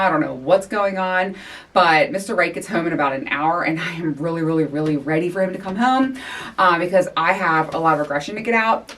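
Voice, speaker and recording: A middle-aged woman hosting her own podcast, talking candidly and excitably, a little out of breath, with sighs and laughs. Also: on the low side, distant mic. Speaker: podcast host. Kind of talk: casual chat.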